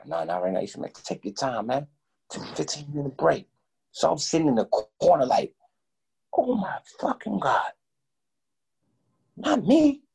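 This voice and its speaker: Man, gravelly husky voice, animated profane storytelling, acts out every voice. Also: mid-range voice. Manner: animated, profane, acts out both sides of conversations. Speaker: guest. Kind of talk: casual storytelling.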